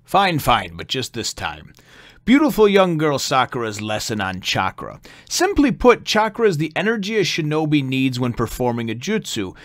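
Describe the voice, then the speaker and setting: A man's voice: mid-range voice, wildly swooping pitch, moderate pace, fairly bright tone, no room sound. A man voicing Sakura, a smug girl ninja. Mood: lecturing. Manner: lecturing, textbook-style explanation. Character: smug young girl ninja student explaining. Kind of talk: comic read-aloud of a comic-book lesson.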